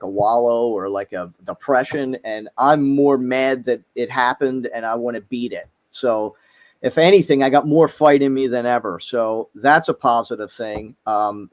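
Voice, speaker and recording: A middle-aged man talking as a podcast guest, halting, with many fillers and restarts. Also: mid-range voice. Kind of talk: casual chat.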